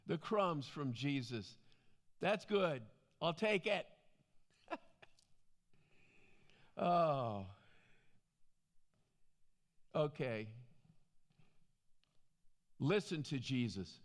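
A man's voice: on the high side, very animated, extremely slow, long pauses. A man teaching from the Bible in a conversational preaching style, with frequent asides.

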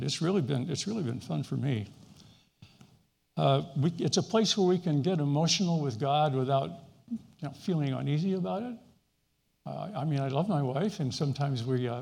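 A middle-aged man gives an earnest, conversational sermon with a gravelly edge to his somewhat raised voice. His words ring out with a long reverberating tail of a large hall. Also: fairly high pitch, darkish tone. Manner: earnest, conversational preaching with fillers. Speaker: pastor.

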